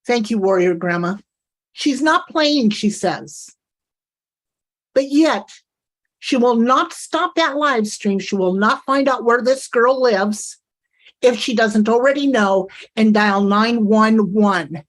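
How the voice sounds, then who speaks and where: A woman's voice: on the high side, takes it slowly. A woman streaming live reaction commentary, indignant and talking straight to her chat.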